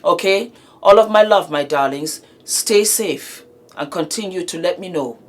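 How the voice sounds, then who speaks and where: A woman's voice: lowish voice, unhurried. A woman vlogger talking to her viewers in impassioned commentary, emphatic and indignant, repeating phrases for force.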